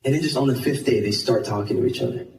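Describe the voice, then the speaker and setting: A man doing stand-up, telling a story in an animated, self-mocking way and acting out the dialogue. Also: mid-range voice, quick pace, reverberant, far from the mic, slight background noise, rough recording. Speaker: stand-up comedian.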